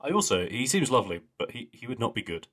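A man's voice: mid-range voice, big pitch swings, fast, a bit bright, slightly rough. A young man co-hosting a podcast, chatting casually with laughs and trailing mumbles. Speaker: podcast co-host. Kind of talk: casual chat.

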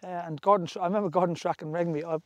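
Irish ex-footballer guest, forties, higher pitch, dry, chatty and full of restarts. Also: male voice, fairly even intonation, racing, no room sound, lo-fi sound. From Ireland. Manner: rambling storytelling with restarts. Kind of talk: casual chat.

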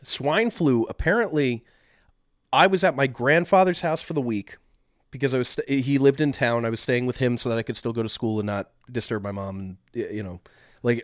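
In casual podcast chat, a male co-host with a mid-range voice speaks a little fast, rambling and full of fillers and restarts. The sound is clean studio quality with no echo.

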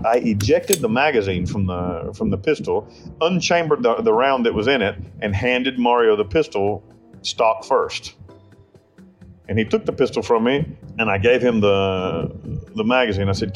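A man's voice: fairly low pitch, highs cut off. An American man telling his life story in an interview, with blunt, rambling speech, profanity and frequent restarts. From United States. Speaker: interview subject.

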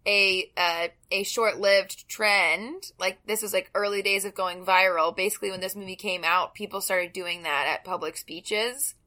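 A woman's voice: mid-range voice, steady tone, moderate pace, hardly any pauses, sharp tone. A woman co-hosting a podcast in casual chat, chatty and hesitant, laughing easily. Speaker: podcast co-host.

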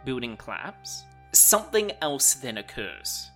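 Man, podcast co-host, bright tone, enthusiastic, jokey, casual review chat. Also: mid-range voice, very animated, unhurried, faint music behind. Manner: enthusiastic, jokey, frequent restarts.

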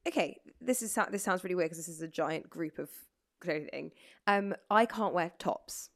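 A woman co-hosting a casual fashion chat, chatty and quick to agree. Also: fairly low pitch. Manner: chatty, warm-hearted, lots of agreeing. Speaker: podcast co-host.

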